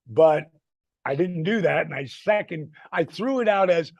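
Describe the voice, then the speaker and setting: Gravelly, animated storyteller man in his 60s. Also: sits high, normal speed, no room sound. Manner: animated storyteller, acts out quotes, swears freely. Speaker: retired wrestler telling stories. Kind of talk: casual storytelling chat.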